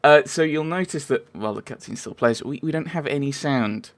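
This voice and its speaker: A man's voice: mid-range voice, normal speed. Man, let's play commentary, casual, rambling, wry asides, mid-range voice.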